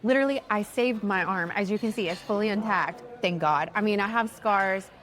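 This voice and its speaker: A travel vlogger in her thirties tells the story of a trip gone wrong straight to camera, relaxed and chatty. Her mid-range voice moves briskly, and she's animated and lively, acting out what other people said along the way.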